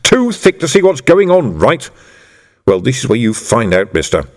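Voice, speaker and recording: A man's voice: mid-range voice, huge pitch swings, normal speed. A man reading an audiobook aloud, voicing an arrogant male secret policeman who snarls with angry contempt. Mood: furious. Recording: reverberant room.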